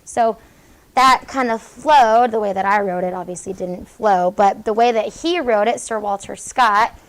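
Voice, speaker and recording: A woman teaching a high school English class, brisk and encouraging, questioning students as she goes. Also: low-quality recording. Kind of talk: classroom lesson.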